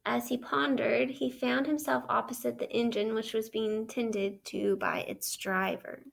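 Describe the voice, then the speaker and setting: Woman teacher, classroom read-aloud; high voice, heavy vocal fry, measured and questioning. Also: level tone. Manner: measured storytelling, asks the listener questions. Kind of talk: read-aloud lesson narration.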